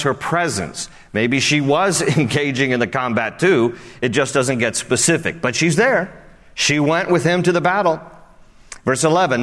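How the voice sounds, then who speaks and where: A man preaching a sermon in a conversational way, reading scripture slowly and acting out the quotes. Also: mid-range voice, fairly bright tone, long reverb tail.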